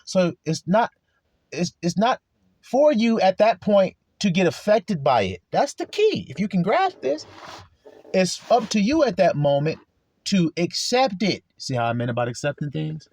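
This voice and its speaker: A man's voice: sits high, very animated, unhurried, darkish tone. A man preaching an informal sermon, confrontational and full of rhetorical questions, with coarse language.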